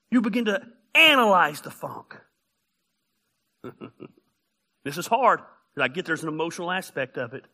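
A man preaching a sermon, telling funny stories and often raising his voice to a shout. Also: very high voice. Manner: animated, often shouting, storytelling. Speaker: pastor.

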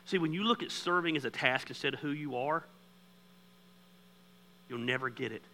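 Bright, storytelling male pastor. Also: on the high side, normal speed, slight background noise, low-quality recording. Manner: storytelling, self-deprecating humor; conversational, with lively bursts. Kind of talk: sermon.

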